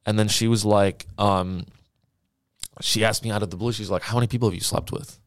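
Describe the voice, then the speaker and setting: A young man co-hosting a podcast, telling a story in casual, animated talk with lots of swearing and acted-out quotes. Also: lowish voice, a little fast, no echo, clean studio sound. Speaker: podcast co-host.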